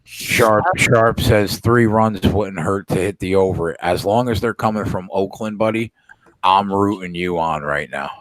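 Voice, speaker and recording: Deep-voiced laid-back man, dry close sound. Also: a little slow, no echo. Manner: laid-back, profane, lots of filler words. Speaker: podcast co-host. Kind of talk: casual late-night sports betting chat.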